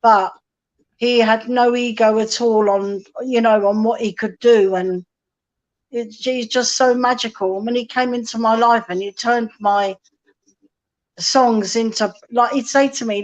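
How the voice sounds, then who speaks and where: A woman's voice: on the high side, steady tone, measured pace. A woman, a singer-songwriter guest, chatting casually and telling stories while acting out quoted dialogue. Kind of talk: casual live-stream chat. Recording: dull lo-fi live-stream audio.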